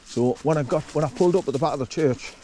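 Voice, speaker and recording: A man's voice: a little high, quick pace, mellow, slight background noise. A man chatting casually to camera while walking his dog outdoors, breaking off to call the dog. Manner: chatty, talks to his dog between remarks. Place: outdoors on a rural walk.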